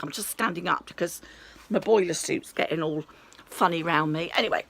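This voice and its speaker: A British woman telling a rambling, animated story in a chatty storytime vlog, swearing casually. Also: lowish voice, moderate pace, gravelly, dry recording. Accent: British English. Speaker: vlogger.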